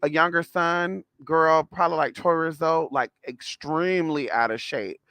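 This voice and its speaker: A man's voice: fairly high pitch, moderate pace, creaky, sharp tone, smooth, no room sound. A man telling a story to his viewers in a sassy, blunt, casual way, calling them girl and honey. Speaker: spiritual vlogger.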